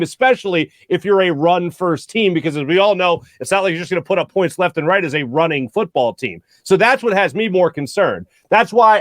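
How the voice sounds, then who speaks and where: A man with a high voice hosts a postgame sports talk show. He talks in long, animated runs and keeps restarting his sentences. The sound is dry and close, with no room in it. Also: dry recording. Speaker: host.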